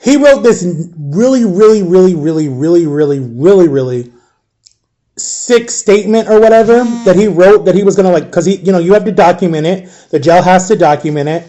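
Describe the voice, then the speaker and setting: A young man telling his own painful story, halting and repeating himself, close to tears at times. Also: high-pitched, expressive, dark tone. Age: young adult. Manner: halting, repeats himself, acts out quoted voices. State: emotional, near tears. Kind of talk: personal storytelling.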